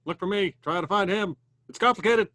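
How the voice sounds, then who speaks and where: A man's voice: sits high, fairly quick, bright, forceful tone. A man playing a tabletop role-playing game, speaking in terse, clipped lines as his character. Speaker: player.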